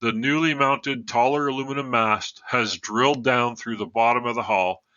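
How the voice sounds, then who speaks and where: Bright-voiced man retelling a sea disaster. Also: mid-range voice, fairly even intonation, moderate pace, dry recording, highs cut off. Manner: narrates from notes, adds casual asides. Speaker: podcast guest storyteller. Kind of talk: retelling a true story on a podcast.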